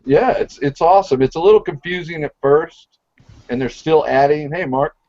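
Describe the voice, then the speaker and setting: A man's voice: fairly high pitch, moderate pace, a little mellow. A man chatting in an easygoing, wry way with fellow podcast hosts. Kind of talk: casual banter. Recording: dry lo-fi online call audio.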